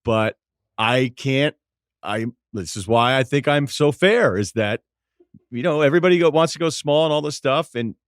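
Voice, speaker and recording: A man's voice: mid-range voice, moderate pace, no room sound, studio quality. A man talking as a podcast guest, analyzing sports in a wry, chatty way and laughing often. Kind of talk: casual sports talk.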